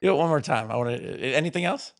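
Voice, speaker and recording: A man's voice: on the high side, lively intonation, rapid-fire, no echo, studio quality. A man hosting a casual live stream chat, teasing his guests and laughing often. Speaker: stream host.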